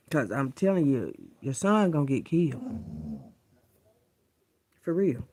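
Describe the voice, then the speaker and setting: A woman's voice: rumbling low, measured pace, pauses often. A woman vlogger in a casual, unscripted rant to camera, blunt and profane, who keeps repeating her points. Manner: coos softly at her dogs in between.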